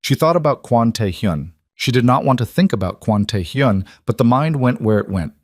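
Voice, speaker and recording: A man narrating a scripted drama in a measured, even storytelling voice. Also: mid-range voice, no room sound, clean studio sound.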